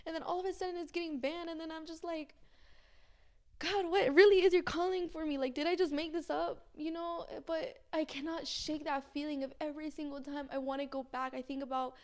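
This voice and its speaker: A young woman talking in a casual confessional vlog, earnest and anxious, rambling with many fillers and restarts. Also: sits high. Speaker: vlogger.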